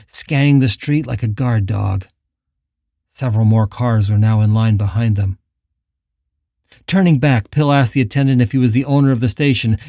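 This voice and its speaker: A man reads an audiobook in an even, measured manner at a medium pitch. The studio recording is clean, with no room sound.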